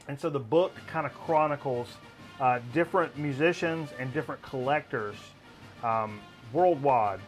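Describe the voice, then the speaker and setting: A man hosting a casual record-collecting chat show, rambling with lots of restarts, faint music behind him. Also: medium pitch. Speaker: host.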